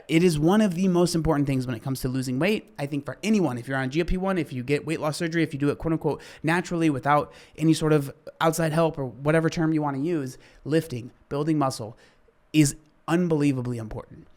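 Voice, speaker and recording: A man reacting to a video clip with casual fitness commentary, earnest and quick to get worked up, then apologizing. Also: a little high, a little mellow.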